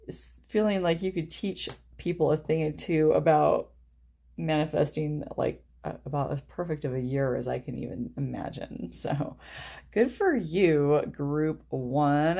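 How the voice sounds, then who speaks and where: Low, mellow-voiced chatty woman. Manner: chatty and snarky, laughs often. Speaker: tarot reader. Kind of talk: casual tarot reading vlog. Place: living room.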